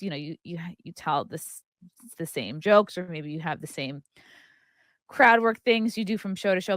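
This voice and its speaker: A woman's voice: low voice, a bit bright, no echo. A woman hosting a podcast, chatting candidly and reading news quotes before riffing on them. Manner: candid, reads news quotes aloud then riffs. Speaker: podcast host. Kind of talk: casual podcast chat.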